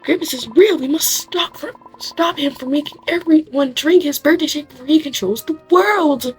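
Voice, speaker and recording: Soft music accompanies a young female gamer's let's play of a horror game. Her voice is high and scratchy, her speed normal, and she fills the commentary with jokes at her own expense and giggly asides.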